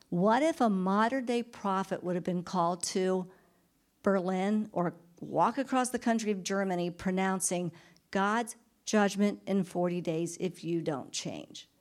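Woman, Bible study leader, casual and talkative, lots of "like" and "I mean", quick laughs. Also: medium pitch, darkish tone. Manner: chatty, thinks aloud with fillers; laughs often while retelling. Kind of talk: informal Bible teaching.

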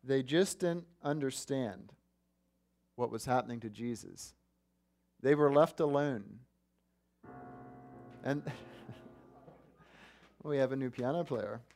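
A man's voice: medium pitch, slow, long pauses, darkish tone, slight background noise. A man preaching a sermon, earnest and asking his listeners questions. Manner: earnest, asks the congregation questions. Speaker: pastor.

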